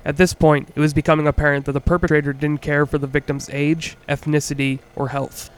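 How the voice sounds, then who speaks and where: A man hosting a podcast, reading a scripted true-crime story in a measured, earnest way with the odd wry aside. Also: fairly high pitch, clear, resonant tone. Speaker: podcast host.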